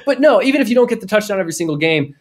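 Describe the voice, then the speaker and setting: A young man co-hosting a podcast, chatting casually and animatedly about fantasy football trades. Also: high voice. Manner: animated, quick, jokey. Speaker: podcast co-host. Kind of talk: casual sports chat.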